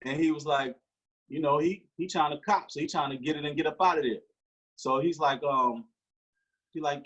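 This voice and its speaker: Man, forties, interview guest, husky and fairly high, animated storyteller. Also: moderate pace, pauses often, low-quality recording. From Newark, New Jersey. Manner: animated storyteller acting out quoted dialogue.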